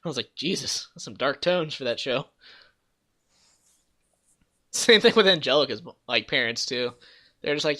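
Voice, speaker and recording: A man's voice: mid-range voice, expressive, normal speed, pauses often, sharp tone. A young man hosting a gaming podcast in loose casual chat, laughing often, swearing and acting out scenes he retells. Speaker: podcast host.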